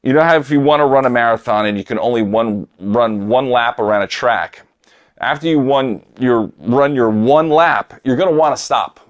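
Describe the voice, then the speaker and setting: Middle-aged guy teaching drums, direct coach vibe, counts stuff out loud. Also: medium pitch, moderate pace. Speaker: drum teacher. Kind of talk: instructional talk to camera.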